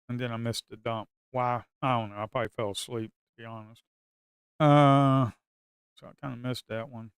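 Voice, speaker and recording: A man giving casual live commentary on a slow market as a day trader, grumbling and talking to his viewers as folks, with sudden excited outbursts. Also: medium pitch, vocal fry, clean tone, dry recording, clean studio sound.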